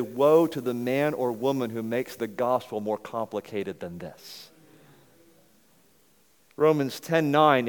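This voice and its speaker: A pastor preaching a sermon earnestly and emphatically, rising to loud insistence and dropping to hushed pleading. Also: male voice, medium pitch, clean tone. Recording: long hall reverb.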